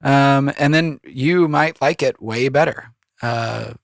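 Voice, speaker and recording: A man's voice: medium pitch, slow, gravelly, no room sound, studio quality. A man with a cold, giving loose, rambling advice in a casual solo podcast, full of fillers. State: has a cold, voice deeper than usual. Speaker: composer and podcast host.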